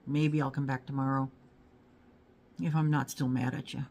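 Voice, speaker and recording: A middle-aged woman with a low-pitched voice chats casually to her viewers. She rambles from one thought to the next in an easygoing way. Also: flat delivery, normal speed, a little mellow, dull audio. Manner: rambling and chatty, talks to her dog. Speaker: YouTube haul vlogger. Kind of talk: casual chat to camera.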